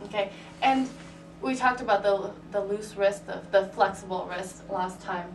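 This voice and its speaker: During a private piano lesson, the teacher speaks in a medium-pitched voice at a moderate pace. She checks in often with "right?" and "okay," staying patient and encouraging, while the roomy, distant recording picks up piano playing in the room.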